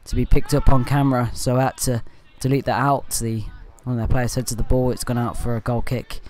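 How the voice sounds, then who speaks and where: A man's voice: mid-range voice, brisk. A man giving a rambling, partisan amateur voice-over commentary on his team's football match, often saying "anyway" to move on. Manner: partisan, with excited bursts at good play. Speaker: fan channel commentator.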